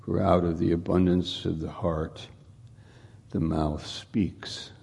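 A male pastor preaching a sermon, unhurried and often repeating or restarting his words. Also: deep voice, little pitch movement, gravelly, a little mellow, breathy edge.

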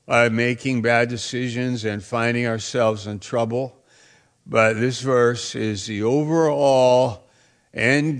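A man preaching a sermon, emphatic and repetitive, who now and then breaks into shouted praise. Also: mid-range voice, creaky. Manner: emphatic preaching, repeats phrases, bursts into shouts. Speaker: pastor.

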